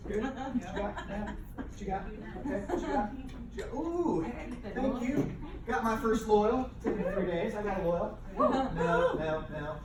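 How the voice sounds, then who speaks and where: A woman's voice: on the high side, very animated, a little slow, a crowd in the background. A woman leading a team training session, talking playfully and exclaiming often as she acts out a demonstration. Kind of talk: lively training demo with a live audience. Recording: echoey room, voice from far off, background noise.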